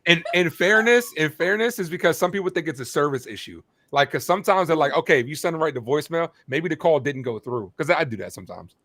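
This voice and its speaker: A man's voice: on the high side, lively intonation, quick pace, hardly any pauses, fairly bright tone, no room sound. A man co-hosting a casual sports podcast, talking as a fired-up, rambling baseball fan. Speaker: play-by-play streamer and co-host.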